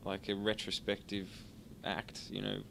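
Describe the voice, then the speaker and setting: A man's voice: on the low side, monotone, a little slow, creaky, a bit bright, a little hiss or hum. An Australian man in a band, talking in a laid-back, sleepy way in an interview. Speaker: band member. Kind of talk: casual interview.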